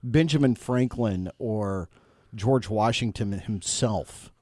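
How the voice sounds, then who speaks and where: A man's voice: lowish voice, takes it slowly, a little mellow, no echo, studio quality. A male radio host in casual banter, playful and hesitant, given to theatrical comparisons.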